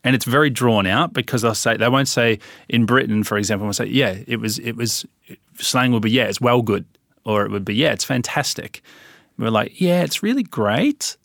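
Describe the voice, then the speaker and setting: An Australian man explaining things to an interviewer in a lively, demonstrative way, with drawn-out vowels. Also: mid-range voice, no echo, studio quality. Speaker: interview guest. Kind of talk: conversational explanation.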